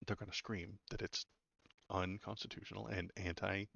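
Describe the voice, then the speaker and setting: Deep, gravelly man, blunt and sarcastic. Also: level tone, normal speed, a bit bright, dry recording, lo-fi sound. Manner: blunt and sarcastic, stumbles over words. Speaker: political commentary host. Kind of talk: casual political commentary.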